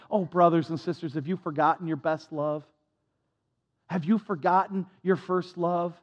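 A man's voice: fairly high pitch, fairly even intonation, moderate pace, big-room sound. A man preaching a sermon as pastor, impassioned and repetitive, with a self-deprecating touch, on a dull lo-fi recording.

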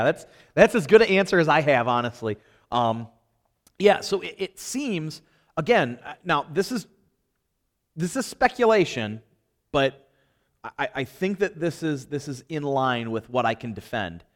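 A man's voice: on the high side, normal speed. A middle-aged man leading a casual Bible study, talking to the group, often restarting his sentences and laughing. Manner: animated, self-interrupting, laughs often, engages group.

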